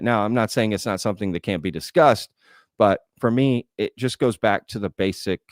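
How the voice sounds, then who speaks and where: A man's voice: lowish voice, dry recording, studio quality. A man hosting a livestream Q&A, thinking aloud in a conversational way and often tagging his points with "right?". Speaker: host. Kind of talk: livestream Q&A, reading chat comments.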